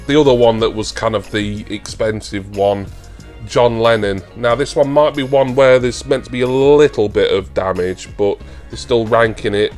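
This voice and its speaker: A man's voice: lowish voice, a little mellow. A man with a British accent chatting through an unboxing for his collector vlog, talkative and easily moved. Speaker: toy collector vlogger.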